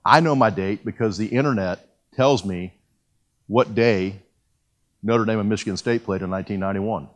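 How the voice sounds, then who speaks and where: This pastor, a man in his fifties, talks at a normal speed in a lowish voice. His sermon weaves in his personal testimony, told with folksy self-deprecation and plenty of restarts.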